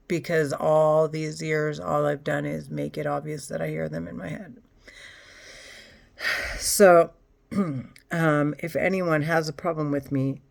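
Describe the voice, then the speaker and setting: A woman vlogging alone, rambling in a halting way with sighs and nervous laughs. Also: deep voice, creaky, darkish tone. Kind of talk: rambling monologue to camera.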